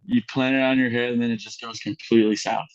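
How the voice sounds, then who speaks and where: A young man of average pitch spins a long, rambling story in casual podcast chat. He acts out the lines of other people, so his pitch shoots way up. The sound is close and dry, with a slightly muffled top end. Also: fast talker, dry recording. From Mexican heritage. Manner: animated, acts out quotes with big voice jumps, lots of fillers. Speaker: podcast guest.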